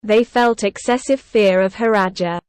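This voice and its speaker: A woman giving a measured, scripted reading of an adventure novel for English learners. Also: mid-range voice, darkish tone, smooth, dry recording. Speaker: narrator.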